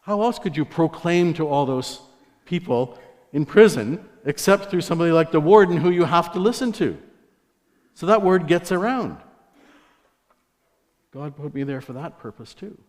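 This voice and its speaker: Speaking in a fairly high, darkish voice, a man visiting as guest preacher shares his testimony through conversational stories and asides to the congregation. It takes place in a church sanctuary, with long church hall reverb on the recording.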